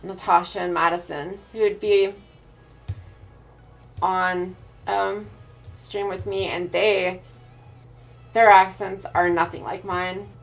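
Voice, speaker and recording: A woman's voice: medium pitch, takes it slowly, gravelly, pauses often, faint music behind. A woman with a Pacific Northwest American accent, streaming and chatting casually with viewers as she answers their messages. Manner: relaxed, thinks aloud with restarts while reading chat.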